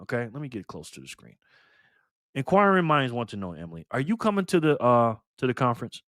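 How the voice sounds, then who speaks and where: A man's voice: mid-range voice, sing-song, a little fast, fairly bright tone, dry recording, studio quality. A man hosting a casual livestream, talking in a slangy, playful way and thanking viewers by name. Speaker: livestream host reading donations.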